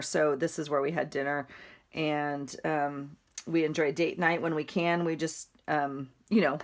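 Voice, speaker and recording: Chatty middle-aged woman, lowish voice. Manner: chatty, rambling, laughs often. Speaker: vlogger. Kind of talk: casual chatty journal walkthrough.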